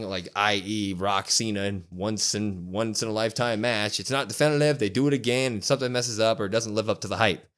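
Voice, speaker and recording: A man co-hosting a wrestling podcast, quickly recapping an episode in casual chat and acting out the quotes. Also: medium pitch, clear, resonant tone. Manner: quick, animated retelling with acted-out quotes.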